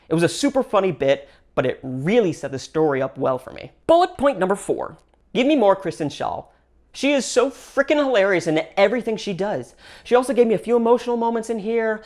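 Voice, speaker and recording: A woman running her own channel delivers a solo film review, gushing and upbeat. Her voice swings widely in pitch from phrase to phrase.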